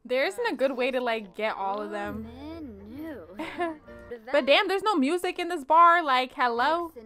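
Lively bright-voiced young woman gamer. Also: high voice, a little slow, soft background music. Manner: animated, laughing, slangy, talks to viewers as "y'all". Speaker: let's play host. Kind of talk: casual gameplay commentary.

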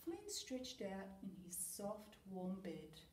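Woman teacher, picture book reading, lively, slow, mellow, echoey room from afar. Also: mid-range voice, distant mic, slight background noise. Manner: expressive storytelling.

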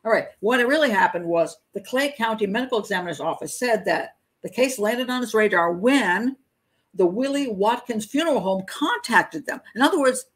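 A woman's voice: fairly high pitch, animated, normal speed, poor audio. A middle-aged woman hosting a crime profiling show, reading a news story aloud with stumbles and her own asides. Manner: breaks into nervous laughter at grim details. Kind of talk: live patron hangout commentary.

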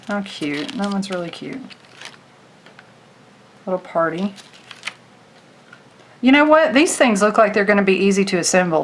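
A woman's voice: lowish voice, creaky, a little hiss or hum. A woman vlogger chatting casually to her viewers as she pages through a craft booklet, gushing over each picture. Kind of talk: casual product walkthrough.

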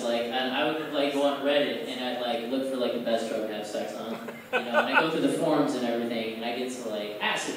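A young man doing stand-up at an open mic in a bar, rambling loosely with lots of fillers and now and then jumping into loud put-on voices. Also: medium pitch. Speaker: stand-up comic. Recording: echoey bar room, far from the mic, noisy.

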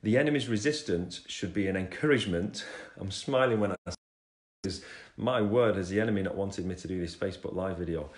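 Talking fast in a low voice, this man gives his Christian testimony on a relaxed livestream, drifting between ideas and interrupting his own sentences. He reads passages of scripture aloud between anecdotes. His bare room at home makes the recording sound roomy and echoey.

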